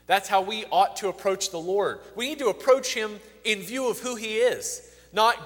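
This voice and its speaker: A man with a high, light voice delivers a sermon. He reads the scripture with building emphasis and often restarts a phrase before pressing on. His voice trails off in the long reverb of a large hall. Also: moderate pace, fairly bright tone. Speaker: preacher.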